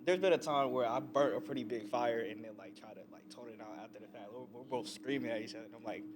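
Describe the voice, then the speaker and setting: A man's voice: mid-range voice, fast talker, heavy background noise. A man co-hosting a radio talk show, talking casually and repeating himself.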